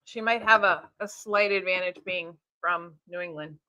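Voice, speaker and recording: A woman's voice: on the low side, normal speed, sharp tone, no echo. A woman hosting a live stream for her tea shop, talking in a chatty, upbeat way with fillers and laughs. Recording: dull lo-fi stream audio.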